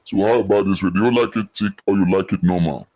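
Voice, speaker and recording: A man speaking through a deepening voice changer, playfully testing a thick voice. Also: fast, warm tone.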